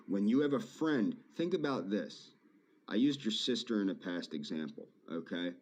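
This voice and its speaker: A man's voice: on the low side, animated, moderate pace, darkish tone. A man in a video rant, hurt and aggrieved, repeating his phrases as he addresses a former friend.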